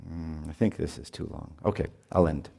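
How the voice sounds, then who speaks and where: A middle-aged man preaching at a retreat in an animated way, acting out voices of parents and children as he teaches. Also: rumbling low, normal speed, vocal fry. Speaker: priest. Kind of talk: retreat sermon.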